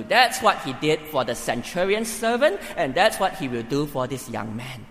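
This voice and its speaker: A man preaching a sermon in a church hall, emphatic and building to forceful peaks. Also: mid-range voice, very animated, normal speed, hardly any pauses. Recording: reverberant hall, faint ambience.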